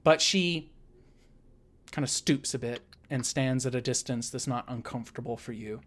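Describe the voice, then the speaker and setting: A woman running a tabletop game as dungeon master, setting scenes in slow descriptive narration. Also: rumbling low.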